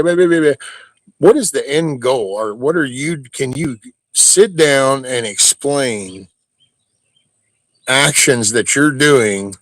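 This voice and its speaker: A man's voice: medium pitch, no echo. A man hosting a livestream, ranting bluntly and profanely in a casual way. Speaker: livestream host.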